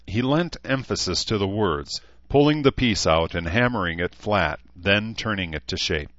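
A man reading an audiobook in a measured, even narration. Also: on the low side, no echo, lo-fi sound. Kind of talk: scripted narration.

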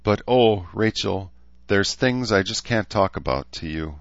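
A man's voice: on the low side, expressive, unhurried, dry recording, lo-fi sound, voice pushed up. A man reading aloud, voicing a weary, sardonic middle-aged woman doctor. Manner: dry, exasperated.

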